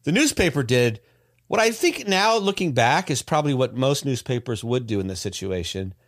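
A man telling a story in a casual podcast chat, animated and rambling, with many restarts and fillers. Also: medium pitch, moderate pace, no echo, studio quality. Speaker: podcast host.

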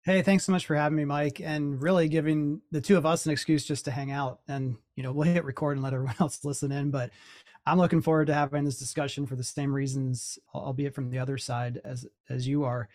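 A man's voice: on the high side, fairly even intonation, fast, a little mellow, no room sound, clean studio sound. A man speaking as an interview guest, talkative and repeating words as he thinks. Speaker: podcast guest. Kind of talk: casual interview talk.

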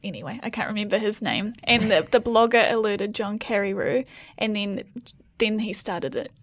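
A woman's voice: medium pitch, moderate pace, no echo. A woman, co-hosting a podcast in casual chat, rambling and restarting as she explains. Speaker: podcast co-host.

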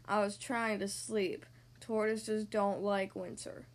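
A woman voicing a grumpy, sleepy male tortoise in a slow, grumbling drawl. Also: medium pitch, little pitch movement, fairly bright tone, voice pushed down.

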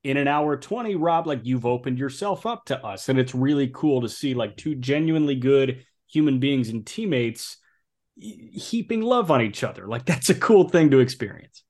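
A young man in his twenties co-hosts a podcast with a mid-pitched, ordinary voice. He speaks easily and sounds appreciative. The chat is loose and unhurried. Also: animated, a little mellow. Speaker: podcast co-host.

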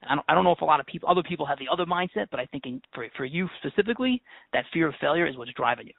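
Fast, gravelly podcast host. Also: male voice, fairly high pitch, expressive, dry recording, phone-quality sound. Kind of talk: casual conversation.

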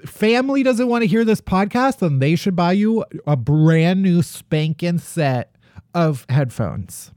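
A man's voice: high-pitched, expressive, a little slow, a little mellow, no room sound, clean studio sound. Joking man hosting a podcast. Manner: joking, playfully dramatic. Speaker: podcast host. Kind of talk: casual podcast chat.

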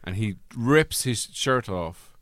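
A man's voice: fairly low pitch, lively intonation, slow pace, fairly bright tone, no room sound, studio quality. A man co-hosting a podcast, chatting casually and laughing as he builds absurd jokes. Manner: laughing, riffs on absurd scenarios. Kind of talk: casual comedic chat.

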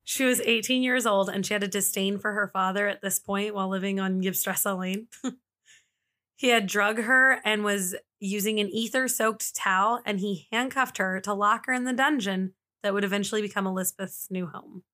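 A woman's voice: mid-range voice, normal speed, pushed and bright. A woman hosting a podcast, telling a true-crime story in a casual, chatty way with lots of "like" fillers. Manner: chatty, frequent "like" fillers, laughs easily. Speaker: podcast host.

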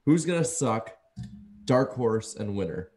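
A man's voice: medium pitch, lively intonation, unhurried, a little mellow. A man co-hosting a casual livestream, teasing and laughing with the others. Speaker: co-host.

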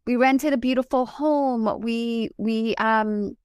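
A woman in her forties, born in Colombia, telling animated and emotional stories as a podcast co-host. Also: on the high side, slow, clear, resonant tone, no echo, studio quality. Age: 40s. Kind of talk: casual chat.

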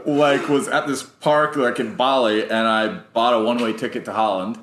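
Animated man telling a story. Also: medium pitch, normal speed. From United States. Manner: animated, acts out quotes in a raised voice, laughs often. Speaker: guest. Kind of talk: casual storytelling. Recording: roomy echoey sound.

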